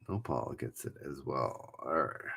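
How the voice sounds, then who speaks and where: A man's voice: a bass voice, expressive, unhurried, creaky, fairly bright tone, slightly rough. A man hosting a casual trivia livestream, reading each clue twice and joking with the chat. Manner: chatty, reads clues twice, jokes with chat.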